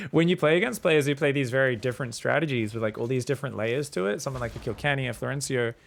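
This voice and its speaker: A man's voice: mid-range voice, quick pace, creaky, hardly any pauses. A man, casually commentating a strategy game and chatting with viewers in a rambling, laid-back way. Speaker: StarCraft coach and streamer.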